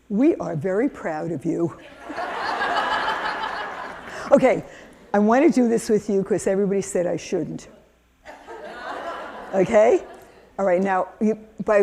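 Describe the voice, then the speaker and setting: An older woman from the United States giving a lively keynote talk, telling stories and acting out children's voices. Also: mid-range voice. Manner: animated storytelling, acts out kids' voices. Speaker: keynote speaker.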